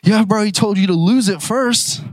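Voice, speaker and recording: A young male preacher with a strikingly high voice delivers a fervent sermon. He moves from shouted declarations to loose, slangy asides. The sound is dry and close, with no room around it. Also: moderate pace, no echo. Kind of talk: energetic sermon.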